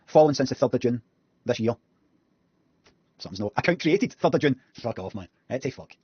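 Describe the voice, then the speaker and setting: A man's voice: medium pitch, lively intonation, a little fast, breathy edge, no echo, lo-fi sound. A Scottish man streaming at his computer, reacting to videos with blunt, sweary, sardonic commentary. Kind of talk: casual live commentary. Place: indoors at a computer.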